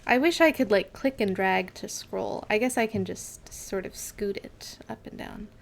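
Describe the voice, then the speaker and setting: A woman streams a game from home and chats casually into a desk mic. She talks at an unhurried pace and wanders off into stories, padding her talk with "like" and "um". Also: mid-range voice, vocal fry, a little hiss or hum. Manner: rambling, filler-heavy storytelling. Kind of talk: casual live game commentary.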